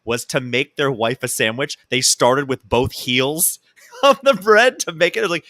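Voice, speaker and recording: A man's voice: mid-range voice, expressive, normal speed, pushed and bright, no room sound, studio quality. A man hosting a casual comedy podcast, bantering with his co-host and hyping the show with announcer-style intros.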